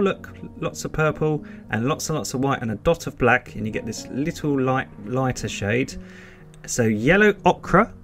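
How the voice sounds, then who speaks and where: A British man with a fairly high-pitched voice walks through a painting tutorial step by step, chatty and encouraging, often repeating his reassurances.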